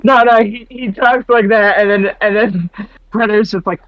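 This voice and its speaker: A man chatting casually as a podcast host, swearing often and reacting quickly. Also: high-pitched, steady tone, a bit bright, dull audio. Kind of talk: casual chat.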